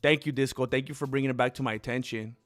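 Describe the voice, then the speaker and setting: A man hosting a casual livestream, chatting in a rambling, excitable way and calling viewers dude and bro. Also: medium pitch, fast, faint music behind. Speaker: streamer host.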